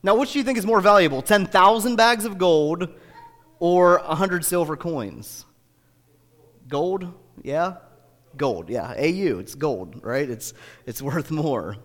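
A man preaching a sermon in a conversational style, swinging between booming emphasis and hushed, intimate asides. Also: animated, measured pace. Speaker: pastor. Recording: echoey hall.

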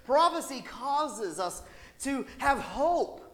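Animated preacher man in echoing hall. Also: very high-pitched, slow pace. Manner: animated, with rhetorical asides and laughter. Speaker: pastor. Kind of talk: sermon.

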